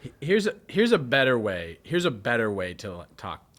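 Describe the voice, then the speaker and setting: Young male podcast co-host, lively pitch, emphatic and jokey. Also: normal speed. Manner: emphatic, jokey, interjects often. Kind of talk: casual chat.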